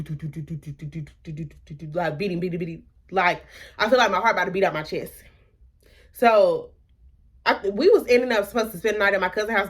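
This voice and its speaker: Animated young woman telling a storytime. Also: medium pitch. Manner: animated, acts out quotes with hushed asides. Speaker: vlogger. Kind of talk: storytime vlog.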